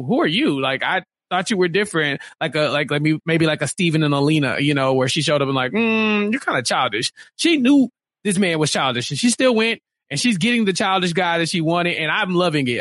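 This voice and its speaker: A woman's voice: low voice, no room sound, studio quality. A woman from Texas, co-hosting a casual chat in a chatty, playful, opinionated way. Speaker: co-host.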